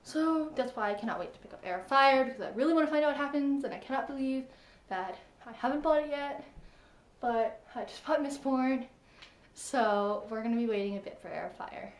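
Chatty excitable young-sounding woman. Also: high-pitched, brisk, echoey room. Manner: chatty and excitable, lots of "like" and "I was like". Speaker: book vlogger. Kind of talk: casual book discussion vlog.

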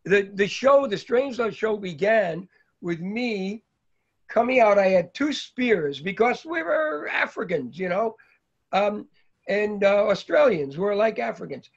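A man's voice: high-pitched, lively intonation, a little slow, gravelly. An older man from New York telling a long, rambling story about his early days, with many fillers along the way. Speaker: guest speaker. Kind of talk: anecdotal storytelling. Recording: dull lo-fi recording.

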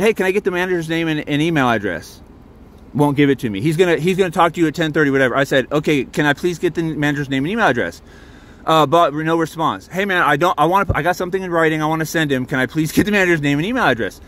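Fired up guy in his truck filming on his phone, kinda high voice, swearing, rambling on. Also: a bit bright. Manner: heated, rambling, swears often. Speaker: vlogger filming a confrontation. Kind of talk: agitated first-person recounting. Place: inside his parked truck. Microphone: handheld phone.

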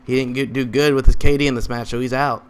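A young man giving excitable gameplay commentary, trash-talking teammates and swinging between loud outbursts and mutters. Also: mid-range voice, quick pace, clear, resonant tone. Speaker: gaming YouTuber.

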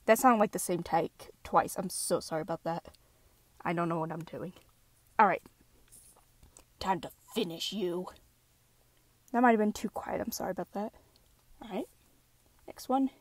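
A woman's voice: lowish voice, normal speed, pauses often, no room sound. A woman chatting casually between takes as a fan voice actor, apologetic and self-deprecating, rambling as she goes. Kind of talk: casual recording-session chatter.

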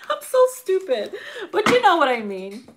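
A middle-aged woman giving a casual tarot reading to viewers, animated and profane, laughing often and acting out quotes. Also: high voice, a little slow. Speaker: tarot reader.

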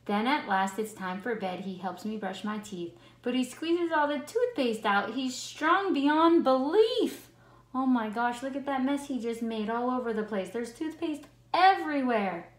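A woman teacher reading a picture book aloud to children in a classroom, talking slowly and expressively and stopping to ask the kids questions. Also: fairly high pitch. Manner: slow, expressive, chats with the listening kids. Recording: roomy echo.

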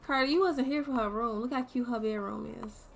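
A young woman streaming a game, chatting casually to her viewers and swearing freely as she thinks out loud. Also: fairly high pitch, fairly quick, gravelly, slight background noise. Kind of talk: casual gameplay commentary.

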